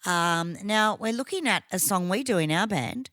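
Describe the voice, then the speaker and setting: An Australian woman co-hosting a podcast, telling a story in casual, profane, animated chat. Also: mid-range voice, normal speed, dry recording, studio quality. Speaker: podcast co-host.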